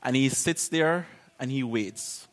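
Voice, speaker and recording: A man giving an informal sermon in a conversational, animated way, acting out little quoted exchanges and laughing often. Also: medium pitch, slow. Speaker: preacher.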